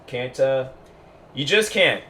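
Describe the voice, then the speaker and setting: Heated rambling young man, bright voice. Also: mid-range voice, lively intonation, slow. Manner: rambling, heated, repeats "bruh" and "I'm like". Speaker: podcast host. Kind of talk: casual solo commentary.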